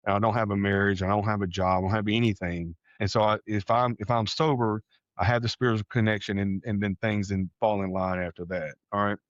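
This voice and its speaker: A man from Texas telling a personal story on a podcast, animated, acting out the voices of people he quotes. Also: on the low side, a little fast, no echo, highs cut off. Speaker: podcast guest. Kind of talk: casual storytelling.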